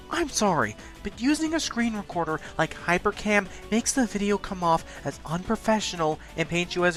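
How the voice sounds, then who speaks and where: A man hosting a countdown video, talking fast with occasional stutters in a blunt, self-critical way. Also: fairly high pitch, a bit bright. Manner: talks fast, stutters at points. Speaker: YouTube countdown host. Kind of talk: scripted countdown commentary.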